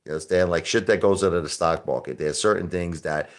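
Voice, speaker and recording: A man's voice: sits low, fast talker. A man hosting a live stream, ranting in a brash, combative way and repeating himself for emphasis. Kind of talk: casual live-stream rant.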